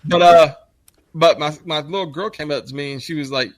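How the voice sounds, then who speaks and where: A man's voice: fairly high pitch, steady tone, brisk. A man co-hosting a podcast, telling rambling, profane stories full of restarts, with a slight speech impairment. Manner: rambling storyteller, frequent restarts, swears a lot. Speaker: podcast co-host, father. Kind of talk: casual profane chat.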